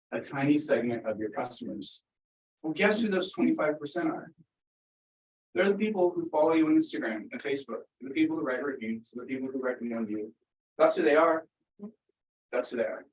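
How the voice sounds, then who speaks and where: Heard from a distance in an echoey room, a man speaking in a mid-range voice addresses a live business workshop crowd. His talk is casual and upbeat, full of fillers.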